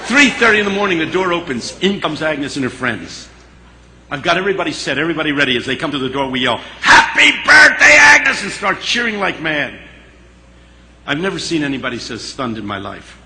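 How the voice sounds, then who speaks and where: A man telling a story in a sermon, animated and dramatic, dropping into a hush at the tense moments. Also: a little high, quick pace, very noisy. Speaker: speaker.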